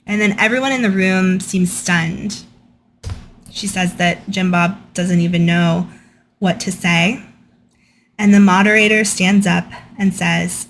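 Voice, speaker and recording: Casting: young woman host, chatty storytime reader, mid-pitched voice, conversational fillers. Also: steady tone, takes it slowly, a bit bright, slight background noise. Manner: chatty, frequent "like" and "um". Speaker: channel host. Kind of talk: casual storytime commentary, reading from a book.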